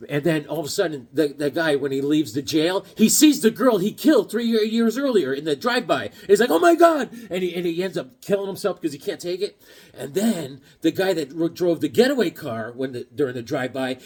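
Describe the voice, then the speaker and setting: A man with a high, husky voice talks casually about a haul of comic books. His pitch swoops all over, and he keeps slipping into silly put-on voices and jokes. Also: fairly quick. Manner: animated and jokey, slips into silly voices. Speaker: comic book collector showing his haul. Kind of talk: casual chat.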